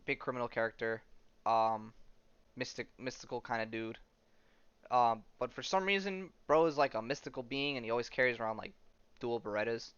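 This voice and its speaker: A man's voice: mid-range voice, expressive, brisk, a bit bright, clear, resonant tone, no echo, muffled recording. A man hosting a podcast and streaming, giving casual commentary while he plays a video game. He rambles, full of "um" and slangy asides.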